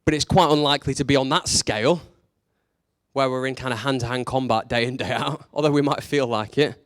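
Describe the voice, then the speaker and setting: A man's voice: mid-range voice, a little fast, fairly bright tone, dry recording, studio quality. A man preaching a sermon in a conversational, candid way, leaning into emphatic rhetorical questions.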